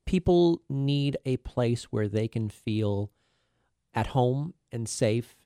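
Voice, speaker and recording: Halting middle-aged man in a dry studio. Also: mid-range voice, lively intonation, dark tone, smooth, dry recording. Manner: halting, many fillers and restarts. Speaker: cardiologist guest. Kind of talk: radio interview.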